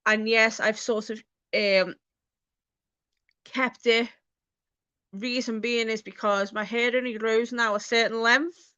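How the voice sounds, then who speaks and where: A woman vlogging in casual chat, talking in a halting, hesitant way with many fillers. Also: on the high side, steady tone, pushed and bright, clean tone, no echo, highs cut off.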